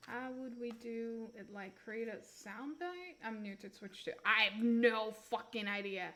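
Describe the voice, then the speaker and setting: A young woman chatting casually with her chat while reading tarot on a live stream, relaxed and swearing offhand. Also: on the high side, measured pace, hardly any pauses.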